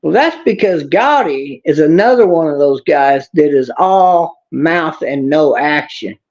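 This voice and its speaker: A man's voice: fairly high pitch, animated, unhurried, a little mellow, muffled recording. A man hosting a political livestream, talking bluntly and angrily, swearing and answering chat comments. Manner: blunt, angry, swears, talks back to chat. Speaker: livestream host reading chat. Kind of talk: casual political livestream rant.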